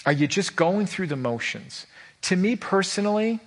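An emotional pastor with a husky, high-pitched voice preaches a heartfelt sermon at a moderate pace. He is earnest and animated, stumbling over and repeating words, and he swings between hushed, tender passages and raised, urgent ones.

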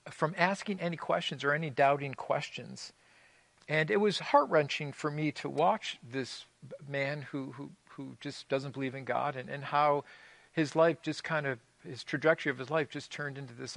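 A pastor with a fairly bright voice on the high side preaches a sermon in a dry recording. He tells stories conversationally with light humor, often restarting phrases and repeating words as he does.

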